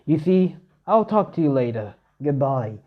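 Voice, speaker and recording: A man's voice: on the high side, sing-song, unhurried, phone-quality sound. A man voicing the solemn spirit of a legendary armor, rambling with many fillers.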